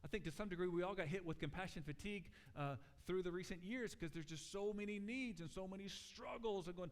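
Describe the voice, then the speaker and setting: A man preaching a sermon as pastor, talking in a conversational, animated way and acting out quotes as he tells stories. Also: high voice, fairly quick, few pauses. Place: church sanctuary. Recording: long church hall reverb.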